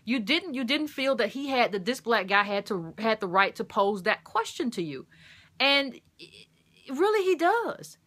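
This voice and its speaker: A woman's voice: a little high, very animated, measured pace, fairly bright tone. A woman giving impassioned opinion commentary, repeating phrases for emphasis.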